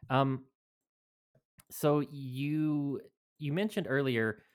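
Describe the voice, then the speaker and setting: Giggly podcast host, mid-pitched voice. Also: drawn-out words. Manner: laughs easily, hesitant with fillers. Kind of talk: casual chat.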